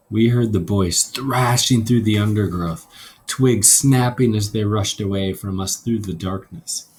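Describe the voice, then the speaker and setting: Man, teacher reading a novel aloud; low, husky, unhurried storytelling delivery. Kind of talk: read-aloud narration with a classroom assignment.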